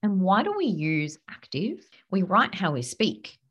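A woman's voice: medium pitch, sing-song, a little slow, husky, dull audio. A woman hosting a podcast, coaching listeners on copywriting in a punchy, emphatic, casual way. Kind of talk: casual teaching monologue.

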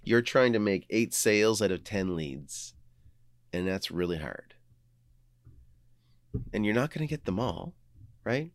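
A middle-aged man hosting a series, giving a casual, energetic motivational talk on business. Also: on the low side, a little slow, pauses often, no echo. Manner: energetic, conversational, upbeat.

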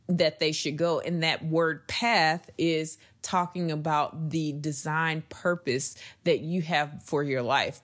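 A young adult woman hosting a faith-based podcast, speaking in an earnest, conversational way that turns emphatic as she goes. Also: low-pitched. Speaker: podcast host.

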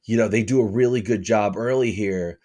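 A man co-hosting a casual podcast, rambling in a relaxed way and laughing easily. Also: on the low side, a little fast. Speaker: podcast co-host. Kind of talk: casual chat.

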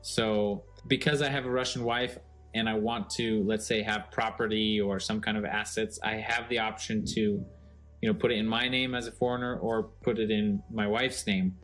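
Man, casual podcast co-host, fairly low voice, rambling, faint music in the background. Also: moderate pace. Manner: relaxed, rambling with many fillers.

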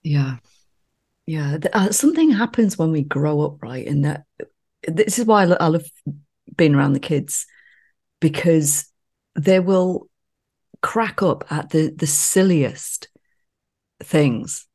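Woman podcast co-host, deep and gravelly, chatty storyteller. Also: expressive, takes it slowly, pauses often, warm tone. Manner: chatty storytelling, laughs often. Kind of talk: casual chat.

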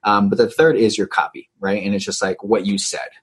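Low raspy guy coaching on agencies, keeps going "right?", lively and chatty. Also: brisk. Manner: energetic, tags many phrases with "right?". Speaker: guest, digital agency coach. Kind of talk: casual interview talk.

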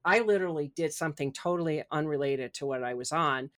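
This middle-aged woman has a deep, fairly bright voice and speaks quickly. As a guest author on a podcast, she discusses spirit and personal growth in a casual, animated way, even acting out her inner voice.

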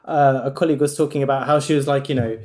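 A man's voice: mid-range voice, fairly even intonation, quick pace, darkish tone. A man, a doctor, chatting casually and reflectively with many filler words. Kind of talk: casual podcast chat.

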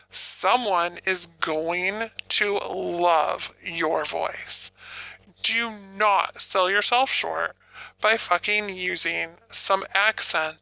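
A woman talks slowly and bluntly, swearing freely as she hands out tips on phone sex work. Her voice is sharp and intense, smooth and clear, with a gravelly creak underneath, and it sits close and dry on the mic. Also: fairly low pitch, no echo, low-quality recording. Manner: blunt and profane. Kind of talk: casual advice monologue.

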